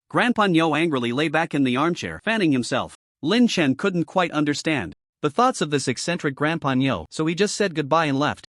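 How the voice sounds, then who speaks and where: Animated man narrating a story. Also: fairly high pitch, a little fast, hardly any pauses, dry recording, studio quality. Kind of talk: scripted narration.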